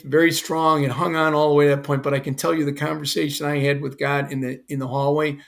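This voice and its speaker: Gravelly older man telling a story. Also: medium pitch. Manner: earnest, quotes others in his own voice. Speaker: guest, former fire chief. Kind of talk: emotional personal storytelling.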